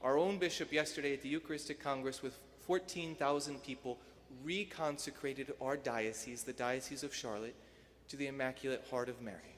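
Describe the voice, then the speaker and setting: A man, a priest, giving a sermon in a rhetorical, emphatic style that swells to loud peaks and then drops soft. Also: medium pitch, steady tone, normal speed, slight background noise. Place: church. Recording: long church reverb.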